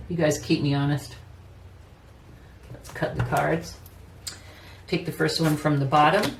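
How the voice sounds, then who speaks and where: A woman's voice: deep voice, fairly even intonation, a little slow, vocal fry, pauses often, heavy background noise. A woman giving a casual tarot reading, chatty and personal, often saying "you know" and laughing easily. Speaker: tarot reader. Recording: roomy echo, mic at a distance, faint ambience.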